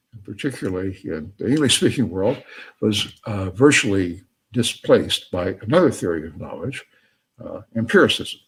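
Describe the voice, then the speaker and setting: A man's voice: lowish voice, slightly rough. A man lecturing and telling a joke story, laughing at his own punchlines.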